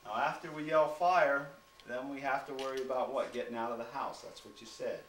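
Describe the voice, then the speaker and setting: A man's voice: mid-range voice, quick pace, a bit bright. Man teaching preschoolers in an echoey room. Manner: patient, asks the kids lots of simple questions. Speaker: firefighter teaching preschoolers fire safety. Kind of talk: classroom talk to small children. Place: preschool classroom. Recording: echoey room from far off, noisy.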